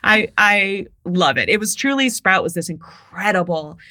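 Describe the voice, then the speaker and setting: A woman from Ohio in her thirties, a guest in an interview, chatting casually in an animated, playful way and laughing often. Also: mid-range voice, moderate pace, no room sound. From Ohio, USA.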